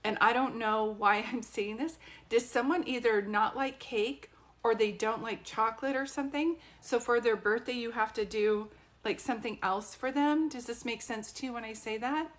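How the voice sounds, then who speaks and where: A woman's voice: fairly high pitch, moderate pace. A woman working as a psychic medium, giving live social media readings in a chatty, rambling way and asking viewers questions.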